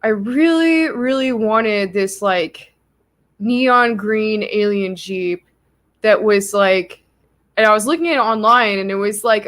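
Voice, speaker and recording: Speaking slowly at medium pitch, a young livestream host casually retells a story with lots of animation and plenty of "like" as filler.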